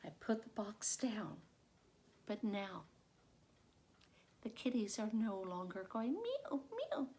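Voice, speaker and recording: A middle-aged woman, a former teacher, telling a personal story with vivid, dramatic pacing that builds into loud excitement. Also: mid-range voice, slow, pauses often. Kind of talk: told personal story at a contest.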